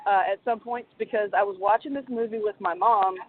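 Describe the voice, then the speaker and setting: A woman in her thirties, a podcast co-host, telling an animated, self-deprecating story in casual chat. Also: mid-range voice, brisk. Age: 30s. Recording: tinny phone line with faint hiss.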